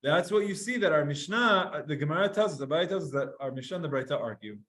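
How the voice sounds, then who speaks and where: A man teaching a lively Gemara class to students, reading Hebrew lines aloud, translating them and acting out sighs and whimpers. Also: fairly high pitch, quick pace. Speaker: Talmud teacher.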